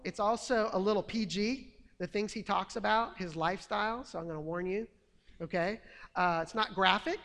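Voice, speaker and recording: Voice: mid-range voice, vocal fry, fairly bright tone, long reverb tail. A preacher giving a conversational sermon. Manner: conversational, reading a quote aloud.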